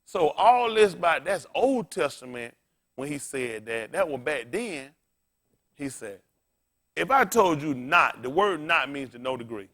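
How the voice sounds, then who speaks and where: Preaching in a plain, folksy style, this pastor has a fairly high, slightly bright voice that is very animated yet measured in pace. He calls out to the congregation and poses questions to it while restating scripture.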